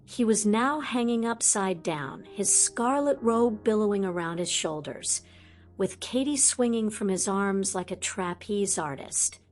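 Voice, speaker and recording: A woman reading a fantasy audiobook aloud in a lively storytelling manner. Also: mid-range voice, unhurried, faint music behind. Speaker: audiobook narrator. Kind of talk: scripted audiobook narration.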